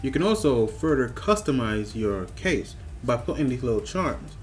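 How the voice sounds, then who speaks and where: A man reviewing a video game in a scripted voice-over, breaking into animated, mock-outraged rants with repeated questions. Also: medium pitch, moderate pace, a little hiss or hum.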